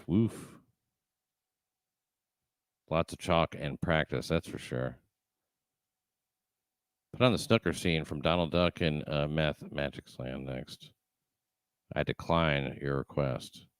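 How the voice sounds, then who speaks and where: A man's voice: extremely low pitch, a little slow, pauses often, smooth, no room sound. A man hosting a livestream, chatting casually and reading viewer comments, rambling and swearing with many fillers and restarts. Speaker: show host reading live chat.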